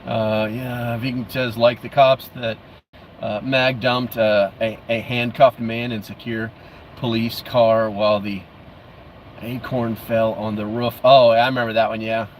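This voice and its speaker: A middle-aged man chats casually on a livestream, reading out comments and rambling with plenty of fillers and false starts. His voice sits at an ordinary middle pitch, and faint noise hums in the background. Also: level tone, unhurried. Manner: rambling, many fillers and restarts; friendly, calls viewers bro. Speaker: livestream host.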